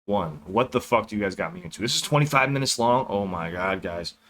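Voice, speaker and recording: A man hosting a casual reaction video, rattling through his intro in rapid-fire patter like an auctioneer. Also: on the low side, expressive, a bit bright.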